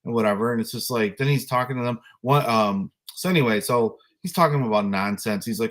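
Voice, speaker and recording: A man co-hosting a podcast, telling a casual story about coaching youth flag football in an exasperated, animated way. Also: medium pitch, a little fast, hardly any pauses. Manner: animated, exasperated ranting with mimicked voices.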